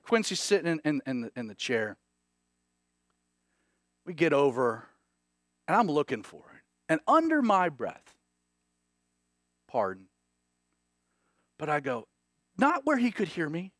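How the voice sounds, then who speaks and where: A man in his thirties preaching with a high, very lively voice that leaps up for emphasis and drops low when he tells a story. The sound is close and dry, with no room echo. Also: a little slow, long pauses. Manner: animated, swings from loud emphatic points to hushed storytelling. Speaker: pastor. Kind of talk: sermon.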